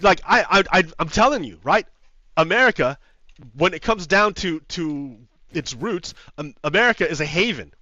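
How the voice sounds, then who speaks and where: A man's voice: sits high, animated, moderate pace, sharp tone, no room sound, dull audio. Profane, heated man ranting over gameplay. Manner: heated and profane, repeats phrases, laughs often. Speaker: gaming video host. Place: home setup with green screen.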